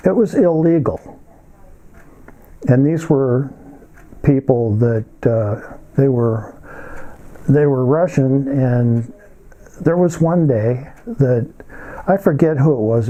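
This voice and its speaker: An older man telling a story in a casual monologue, halting and rambling with many filler pauses. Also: medium pitch, warm tone, poor audio.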